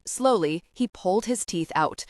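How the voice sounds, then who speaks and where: A woman narrating a fantasy audiobook in a steady, even storytelling voice on a close mic. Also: medium pitch, normal speed, no room sound. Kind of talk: scripted narration.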